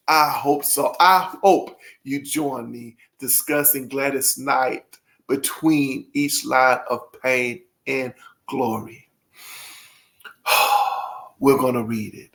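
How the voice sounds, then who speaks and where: Gushing, gravelly-voiced man vlogging. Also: medium pitch, slow. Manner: gushing, emotional and excitable; folksy, addresses viewers directly. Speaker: channel host. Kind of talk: casual vlog chat to viewers.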